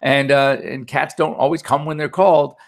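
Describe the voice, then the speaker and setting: Gravelly chatty male vet host. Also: a little high, fairly even intonation, normal speed. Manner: chatty, anecdotal, upbeat. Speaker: veterinarian radio host. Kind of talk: casual chat.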